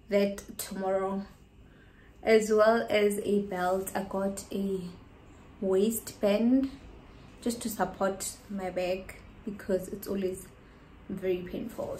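A woman's voice: medium pitch, a little mellow, distant mic. A young South African woman vlogging casually at home, chatting to her viewers and calling them guys. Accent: South African English. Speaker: lifestyle vlogger. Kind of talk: casual chat to camera. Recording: echoey room, voice off-mic.

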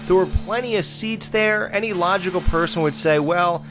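A man's voice: high-pitched, brisk, over music. A man in a casual horror-film review monologue, blunt and profane, exclaiming and mocking the characters. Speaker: podcast host reviewing horror films.

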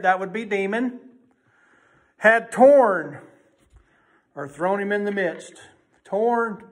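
A male preacher with a notably high voice. He preaches in a folksy, emphatic way, rising to loud bursts and dropping to hushed asides. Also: takes it slowly, long pauses. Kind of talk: sermon.

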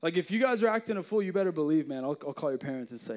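Joking young youth pastor, high voice. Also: male voice, rapid-fire. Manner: joking, animated storytelling with many fillers. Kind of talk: youth sermon.

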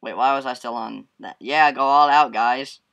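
Excitable male let's-play commentator with a bright, sharp tone; yelps, laughs and hums while he plays. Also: mid-range voice, moderate pace, muffled recording. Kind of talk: casual gameplay commentary.

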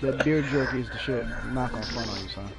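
A man's voice: medium pitch, fast talker, creaky, music in the background, poor audio. An American man joking and laughing a lot in casual gaming voice chat over a headset. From lives in Virginia. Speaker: gamer.

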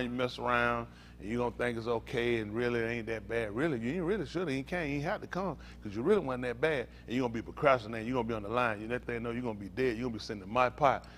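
A man, a pastor telling lively, laughing stories in a sermon, full of slang. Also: medium pitch, slight background noise. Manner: animated, laughing storytelling with Southern slang. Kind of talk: storytelling sermon.

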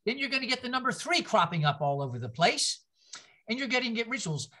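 A man's voice: extremely high pitch, very animated, fast talker, pushed and bright. An older man giving a conversational Bible-class lecture. He tells rambling stories with self-mocking humor, and he often repeats words and restarts his sentences.

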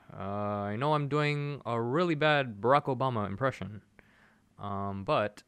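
A man casually commentating a mobile game stream, excitable and rambling as he thinks aloud. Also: mid-range voice, unhurried, smooth.

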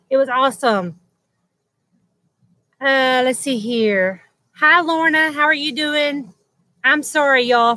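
A woman's voice: on the high side, bright, forceful tone, no echo, rough recording. A woman hosting a casual livestream chat at home, greeting viewers by name and laughing often. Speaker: livestream host. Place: at home beside a loud air conditioner.

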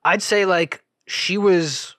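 Rambling young man with a higher voice. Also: slow pace, no echo. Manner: rambling, self-interrupting, swings between loud and mumbled asides. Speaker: podcast host. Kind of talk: solo podcast monologue.

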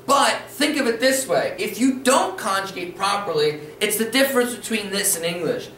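A man teaches a video language lesson in a patient, encouraging way, checking in often as he repeats the rules. His voice sits a little high. He sounds set back from the mic in an echoey room with a faint hiss behind him. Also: animated, normal speed, sharp tone, distant mic. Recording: roomy echo, voice a bit off-mic, faint room noise.

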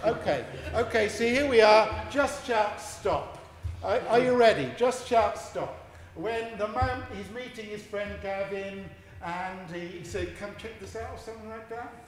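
A man's voice: high-pitched, unhurried, slight background noise. A man leading an audience through a forum theatre game in a large hall, playful and encouraging as he explains the rules. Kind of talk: guiding a live audience.

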